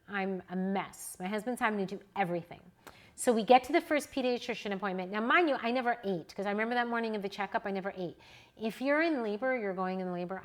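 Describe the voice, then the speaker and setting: Woman, 40s, newborn educator; animated, chatty storyteller with a mid-range voice. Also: mid-range voice. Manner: animated, chatty, personal anecdotes. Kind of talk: casual storytelling to a live audience.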